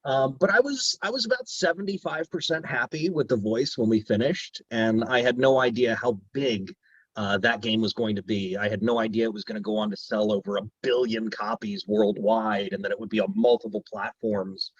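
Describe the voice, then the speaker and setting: Husky guy chatting excitedly about his voice work, dry kinda dull sound. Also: on the low side, normal speed, no room sound. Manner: enthusiastic, storytelling, drops into character voices. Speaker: voice actor guest. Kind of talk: casual interview chat.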